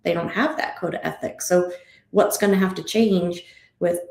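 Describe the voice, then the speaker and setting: Low, gravelly woman on an echoey stream. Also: steady tone, normal speed, a little mellow. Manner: thoughtful, asks open questions. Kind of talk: casual chat.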